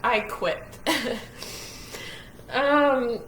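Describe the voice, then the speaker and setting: A frank woman recounts her own experience in a slow, unhurried way, her tone bright and a bit sharp. She speaks candidly and unashamedly. The room around her rings with a roomy echo. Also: on the high side, slight background noise. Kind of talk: personal storytelling to camera.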